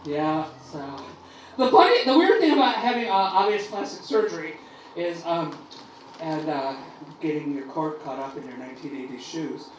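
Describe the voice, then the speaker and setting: Brash, bawdy female stand-up, animated pitch; live club recording, echoey and distant. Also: moderate pace. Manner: brash, bawdy, big exaggerated delivery. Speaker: stand-up comic. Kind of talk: stand-up comedy set. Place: comedy club stage. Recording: echoey club miked from a distance, loud room noise.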